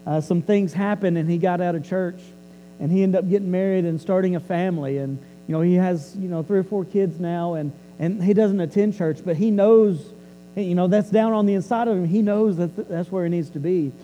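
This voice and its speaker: A male preacher with a high but very mellow, warm voice. He tells his sermon like a story, chatty and loose. He often doubles back on his words as he goes. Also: a little fast, big-room sound, dull audio, a little hiss or hum. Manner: conversational, repeats and restarts words.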